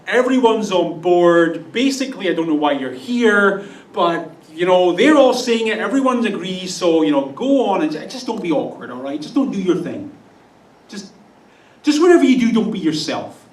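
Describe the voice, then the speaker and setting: A man voicing a pushy male messenger who pleads insistently and coaxingly, heard from a distance in a church. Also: high voice. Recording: roomy church sound from a distance.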